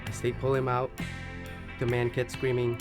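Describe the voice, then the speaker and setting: An actor narrating as a brooding wandering drifter in a film voice-over, slow and reflective. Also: male voice, mid-range voice, monotone, close to an everyday voice. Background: music.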